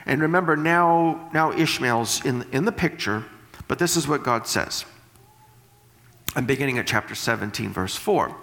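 A man preaching a sermon, reading scripture slowly and then paraphrasing it in animated bursts. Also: medium pitch, creaky, long reverb tail.

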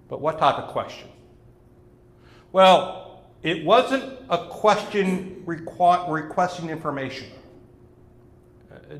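A man's voice: a little high, roomy sound, a little hiss or hum. A man preaching a sermon in an earnest way, leaning hard on key words as he explains a psalm. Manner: earnest, rising to emphatic stress on key words. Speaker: pastor.

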